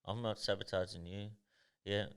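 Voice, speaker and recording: A man's voice: fairly low pitch, moderate pace, clean tone. An Australian man in his thirties, a boxer talking in a casual podcast interview, blunt and swearing freely. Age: 30s. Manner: blunt and swearing, animated storytelling. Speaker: professional boxer guest.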